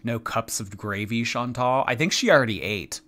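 A man's voice: medium pitch, moderate pace, pushed and bright. A man hosting a reaction commentary, talking in a dry, mocking, teasing way. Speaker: commentary host.

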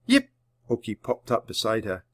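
A man reading a children's storybook aloud at a natural, measured pace for learners. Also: medium pitch, a bit bright. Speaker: audiobook reader. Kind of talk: storybook narration read aloud.

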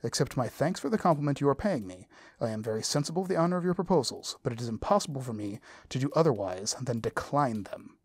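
A man reading the lines of a spirited young woman firmly refusing a proposal, with a husky voice. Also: mid-range voice, expressive, fast, no room sound. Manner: firm and exasperated refusal.

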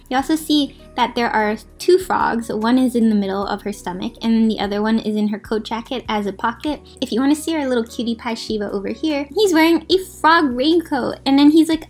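A woman's voice: on the high side, darkish tone. A young woman hosting a gaming video, giving casual, chatty commentary with apologetic asides and lots of gushing. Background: faint background music.

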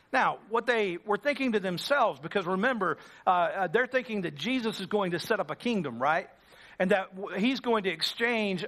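High-voiced man preaching a sermon. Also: fairly bright tone. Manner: conversational preaching, acts out quoted lines. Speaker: pastor.

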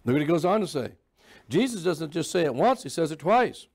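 A man's voice: fairly high pitch, big pitch swings, a little fast, vocal fry, darkish tone. A man preaching a sermon in a church, emphatic and sarcastic, often mocking opposing views in put-on voices. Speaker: pastor.

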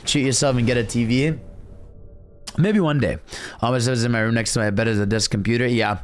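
A man's voice: medium pitch, fairly even intonation, a little fast, soft background music. A young man streaming a game from his room, chatting casually, humming tunes and cheering himself on. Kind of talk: casual gameplay commentary.

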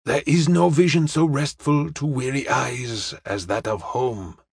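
A man voicing a polite, formal detective in an audiobook, speaking in measured, clipped phrases. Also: mid-range voice, fairly even intonation, vocal fry, husky, no echo, clean studio sound. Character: polite, formal middle-aged male detective. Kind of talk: audiobook character reading.

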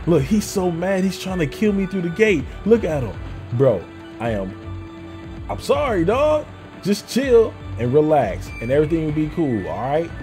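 Loud, animated young man gaming. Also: fairly high pitch, normal speed, faint music behind. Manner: loud, animated, talks to game characters; casual slang, frequent swearing. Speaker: gameplay streamer. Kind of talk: excited gameplay commentary.

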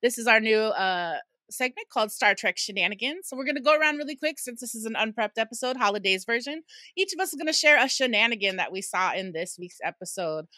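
Bright, dry-sounding woman podcast host. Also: fairly high pitch, lively intonation, quick pace, no echo. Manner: warm moderator, many affirming mm-hmms. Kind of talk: casual chat.

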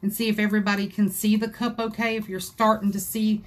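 A woman's voice: mid-range voice, little pitch movement, quick pace. Chatty woman crafting live. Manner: chatty, folksy, talks to viewers as she works. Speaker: craft tutorial host. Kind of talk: live-stream craft tutorial. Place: home craft room. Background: dogs scratching in another room.

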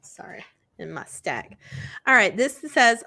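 A woman co-hosts a casual podcast, talking frankly and swearing freely as she reads listener emails. Her voice has a bright, forward tone. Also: fairly high pitch, very animated, unhurried, gravelly.

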